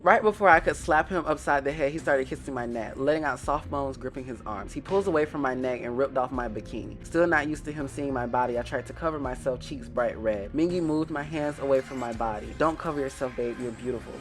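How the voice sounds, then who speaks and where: A man's voice: mid-range voice, fairly quick, hardly any pauses, music in the background. A man reading fanfiction aloud in a dramatic, comedic way, breaking off into sassy asides and laughter. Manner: animated, exaggerated reactions, frequent laughter and sassy commentary.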